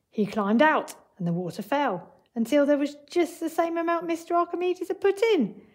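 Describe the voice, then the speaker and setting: A woman teacher with a fairly high voice walks young children through word problems and then reads them a picture book. She speaks clearly and patiently, the way you talk to a class of young kids. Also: a little mellow. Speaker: primary school teacher. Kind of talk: remote maths lesson and picture-book read-aloud.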